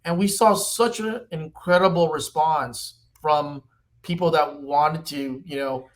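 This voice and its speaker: A man in his fifties, a company executive, talking animatedly as a podcast guest. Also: slow pace. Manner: animated storyteller, pitchy. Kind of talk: podcast interview.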